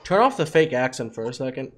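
A man's voice: medium pitch, sing-song, fast, fairly bright tone, soft background music. A man streaming an online shooter, talking in voice chat in a sarcastic, mocking and bossy way. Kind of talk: in-game voice chat.

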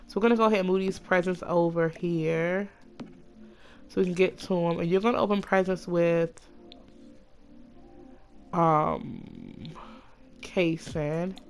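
A woman chatting casually through a life-sim game, gushing over her characters and voicing them in quick asides. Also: on the low side, a little mellow. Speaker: Sims let's play narrator. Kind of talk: casual gameplay commentary.

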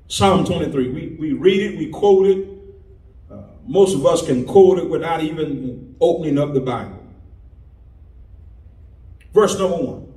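A man preaches in a church sanctuary, his high voice leaping up into shouts and falling back to near-whispered asides. He takes his time over each phrase. The sound is roomy and distant, picked up by a mic set well away from him. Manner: preaching with rising shouts and dropping to quiet asides. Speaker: pastor. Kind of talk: sermon at an evening Bible study.

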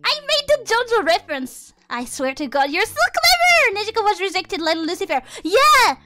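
A woman's voice: very high-pitched, sing-song, normal speed. A woman streamer chatting casually and playfully with her viewers, swearing often and reading chat aloud. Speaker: VTuber streamer.

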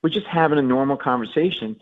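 A man's voice: mid-range voice, expressive, quick pace. A male comedian telling a story animatedly in a radio interview, acting out quotes and stammers. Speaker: guest comedian. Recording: tinny phone-line audio.

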